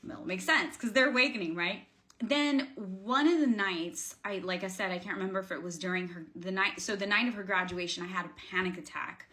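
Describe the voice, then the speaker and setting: Speaking at mid-range pitch with a bright, forceful tone and a brisk pace, a spiritual coach addresses viewers in a loose talking-to-camera vlog. Her delivery is earnest but rambling, with many fillers and restarts.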